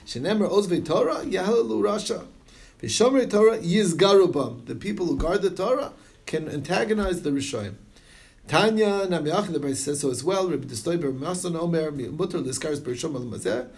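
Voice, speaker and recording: Animated man teaching a text. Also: high voice, fairly quick. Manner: reads Hebrew and Aramaic text aloud then explains it in English, animated. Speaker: Talmud study teacher. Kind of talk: Talmud study class, reading and translating.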